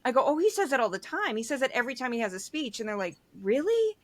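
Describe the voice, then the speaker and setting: A woman political commentator talking in a casual, animated way, acting out quotes and laughing often. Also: a little high, very fast. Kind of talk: casual conversation.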